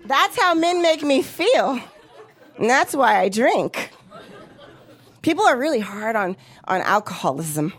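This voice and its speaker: High-pitched woman in her 30s doing stand-up, blunt and swears a lot. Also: very animated, unhurried, pauses often, a faint crowd. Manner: blunt, profane, punchy delivery. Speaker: stand-up comedian. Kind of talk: stand-up comedy set.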